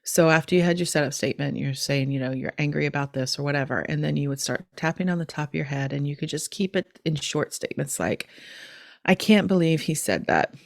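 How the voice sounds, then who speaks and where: A middle-aged woman hosting a podcast, calmly and gently explaining a technique step by step in casual chat. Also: low voice, fast talker, creaky, hardly any pauses, dry recording, studio quality. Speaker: podcast host teaching a technique.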